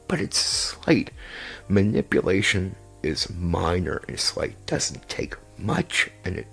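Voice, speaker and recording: A man's voice: deep voice, gravelly, breathy edge. A man, an experienced game master, giving casual advice to tabletop players in an emphatic, repetitive way, sometimes swearing.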